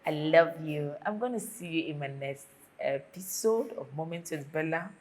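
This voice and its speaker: A young woman with a Nigerian accent talking earnestly and warmly to her viewers in a casual vlog. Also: low-pitched, expressive, moderate pace, rough recording. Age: young adult. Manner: earnest and warm toward viewers, heartfelt. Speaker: vlogger.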